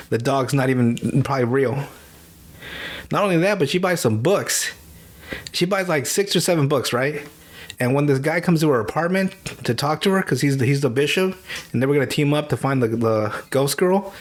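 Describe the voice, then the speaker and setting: Podcast host, male, slightly raised pitch, profane animated movie recap. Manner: profane, animated storytelling with laughs.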